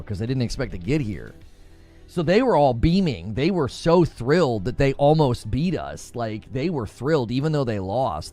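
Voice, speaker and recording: A man hosting a podcast, chatting casually and telling a story with lively acted-out quotes. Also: medium pitch. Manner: animated storyteller, acts out quotes. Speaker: podcast host and youth soccer coach. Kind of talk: casual chat.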